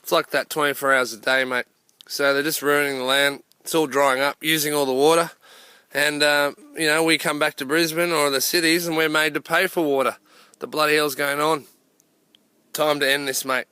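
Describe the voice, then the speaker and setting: A man's voice: on the high side, steady tone, moderate pace, bright, forceful tone, clean tone. An Australian man giving a blunt, passionate rant to camera outdoors, calling everyone "mate". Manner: blunt, repeats "mate" constantly. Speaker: activist vlogger. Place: outdoors near a coal mine.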